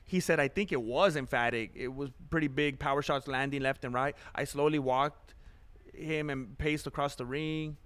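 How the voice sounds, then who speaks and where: A male fighter answering questions in a post-fight interview, measured and matter-of-fact. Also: mid-range voice, a bit bright, smooth.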